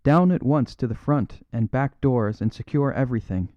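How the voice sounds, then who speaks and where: A man's voice: normal speed, no room sound, lightly acted. A rigid old army colonel, voiced by a male reader, grates out his words in a harsh, raucous undertone. He snaps short commands with wooden authority. The recording is dry and a bit muffled. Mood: commanding. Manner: raucous, harsh low undertone, clipped orders.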